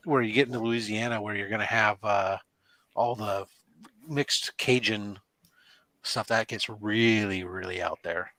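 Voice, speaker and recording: A man rambles through casual stories and chuckles as he goes. His voice is low but bright, and it sounds dry and close to the mic. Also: steady tone, a little slow, no room sound. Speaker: guest. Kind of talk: casual chat.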